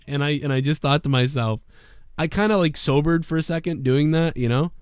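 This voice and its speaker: A man spins a rambling, swear-laden story, animated and loose. The sound is dry and close, with no room around him. He talks like a podcast co-host among friends. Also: a little high, a little fast, clear, resonant tone, no echo. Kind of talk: casual storytelling.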